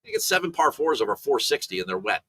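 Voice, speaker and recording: A man's voice: mid-range voice, wildly swooping pitch, fast talker, creaky, fairly bright tone, breathy edge. A man analyzing golf for betting in a casual chat, telling rambling stories full of restarts and asides.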